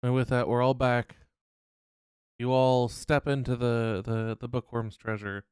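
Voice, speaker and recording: A man running a tabletop game as game master, describing scenes with a hesitant, descriptive delivery full of restarts. His voice is smooth and clear at a middle pitch, recorded close and dry. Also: flat delivery, measured pace, a little mellow, no echo.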